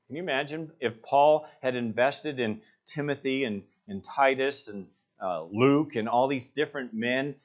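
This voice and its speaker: A male pastor preaching a sermon, stressing words hard, rising to loud passionate peaks and dropping to quiet low asides. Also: dull audio. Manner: emphatic, builds to loud passionate peaks then drops low.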